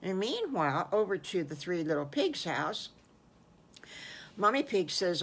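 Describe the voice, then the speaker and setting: A woman's voice: fairly low pitch, big pitch swings, a little slow, pauses often, fairly bright tone, breathy edge. Older woman, folksy, homespun, improvised storytelling, grandmotherly.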